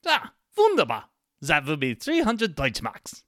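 A man voicing a pompous male German therapist in a deliberately terrible fake German accent, dropping German words into English. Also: a little high, wildly swooping pitch, fairly bright tone, dry recording, studio quality, exaggerated voice. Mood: probing.

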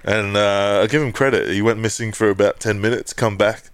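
A man's voice: on the low side, fairly quick, clean tone, no echo. A man co-hosting a podcast, telling swearing-laced stories in casual chat and mimicking the people he quotes. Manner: swearing, animated storytelling with put-on quotes. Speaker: podcast co-host.

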